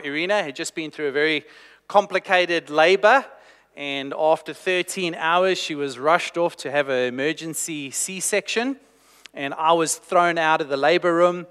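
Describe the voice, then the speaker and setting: A man's voice: on the high side, pushed and bright, clear, resonant tone, in a large hall. A man preaching a sermon, telling a personal story with self-deprecating humor.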